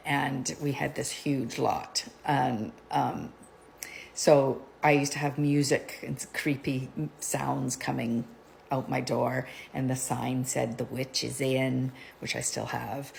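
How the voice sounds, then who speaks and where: A woman's voice: a bass voice, gravelly, darkish tone, a little hiss or hum. A middle-aged woman telling rambling stories to her vlog viewers, chatty and digressive, laughing often. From Canada. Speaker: vlogger. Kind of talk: casual chat, rambling storytelling.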